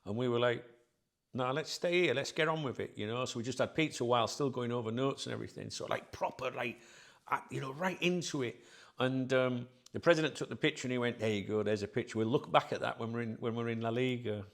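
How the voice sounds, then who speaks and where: A man with a gravelly, fry-edged voice talks casually to his viewers as the channel's host. He rambles, filling gaps with ums and starting sentences over, and his pitch sits in an ordinary middle range. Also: fast talker. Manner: rambling, many fillers and restarts.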